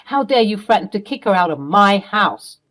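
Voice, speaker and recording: A woman's voice: medium pitch, animated, moderate pace, lightly acted. A woman voicing a protective middle-aged mother who confronts her husband firmly. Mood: accusing. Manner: firm, accusing, commanding.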